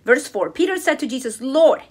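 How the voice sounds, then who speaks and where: A woman vlogging a casual craft tutorial that turns into devotional talk, speaking with enthusiastic, expressive exclamations. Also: high-pitched, normal speed.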